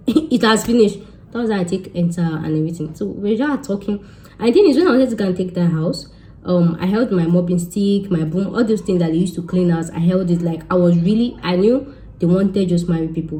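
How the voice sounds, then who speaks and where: A young Nigerian woman with a Nigerian accent, telling a story to her viewers in a lively, joking way and mixing Pidgin and Yoruba into her English. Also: lowish voice. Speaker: vlogger. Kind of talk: casual storytelling.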